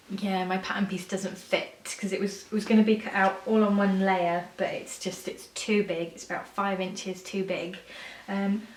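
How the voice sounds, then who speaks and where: A sewing vlogger chats casually to camera in a mid-range voice, rambling with fillers and correcting herself, and gushing when she shows things off. She's slightly off-mic in an echoey room, recorded from a distance with a little background noise.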